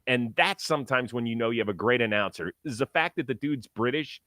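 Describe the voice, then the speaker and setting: Guy hosting a baseball talk show, excited and jokey, dry close studio sound. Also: medium pitch, fairly quick, no room sound. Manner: enthusiastic, joking. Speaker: sports talk show host. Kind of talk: casual sports talk and ad read.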